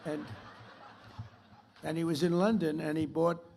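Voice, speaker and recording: Older man as keynote speaker, off the cuff and repetitive, rough gravelly tone. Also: fairly high pitch, flat delivery, unhurried, a little mellow, slight background noise. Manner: rambling, repetitive, boastful. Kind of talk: off-the-cuff speech to an audience.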